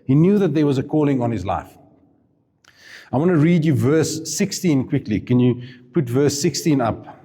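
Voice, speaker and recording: Mellow-voiced preacher, echoey hall. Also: male voice, medium pitch, lively intonation, normal speed. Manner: chatty and informal, with asides and laughs. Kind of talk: sermon storytelling. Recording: reverberant hall.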